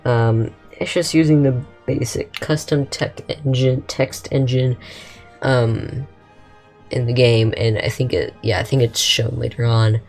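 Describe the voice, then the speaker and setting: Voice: medium pitch, steady tone, measured pace, soft background music. A content creator talking casually over building-game footage, rambling with lots of fillers and restarts. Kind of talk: casual gameplay commentary.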